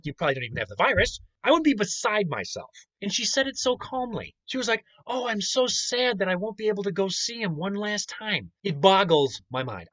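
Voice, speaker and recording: A man rants with heated sarcasm, his bright, forceful voice swinging widely in pitch. The sound is dry and a little dull, as if from a lo-fi mic. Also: dry recording. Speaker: commentary channel host. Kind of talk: ranting political commentary.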